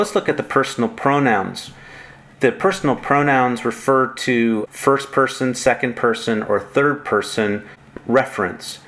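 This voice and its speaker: A man's voice: mid-range voice, fairly bright tone. A man teaching Greek grammar in a recorded lecture, methodical and reciting word forms one at a time.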